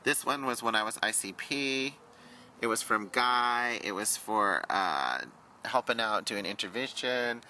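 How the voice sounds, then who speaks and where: A chatty, outspoken hairdresser and vlogger candidly reminisces while showing old photos and papers, swearing freely and talking flamboyantly. His medium-pitched voice is bright and forceful, at a measured pace. The poor audio has a little hiss or hum.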